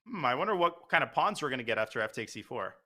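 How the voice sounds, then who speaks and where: A man commentating live chess, excitedly calling out moves and lines in quick bursts. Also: medium pitch. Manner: excitable, calls moves rapid-fire.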